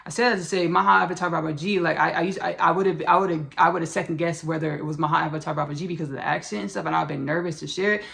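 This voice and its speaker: Gravelly woman podcast host. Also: lowish voice, fairly even intonation, very fast, hardly any pauses, fairly bright tone. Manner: effusive, rambling, repeats herself; uses "baby" and "y'all". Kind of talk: casual spiritual talk.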